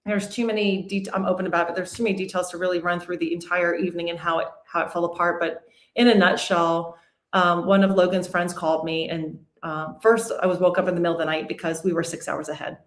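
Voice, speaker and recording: A woman's voice: fairly low pitch, fast. A woman in her forties, a podcast guest, telling a painful personal story candidly and steadily. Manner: candid, steady even through hard memories. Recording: roomy echo.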